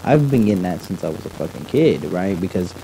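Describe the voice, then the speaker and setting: A man's voice: low voice, big pitch swings, brisk, creaky, warm tone, a little hiss or hum, rough recording. A man talking candidly in a casual conversation, swearing freely as he speaks.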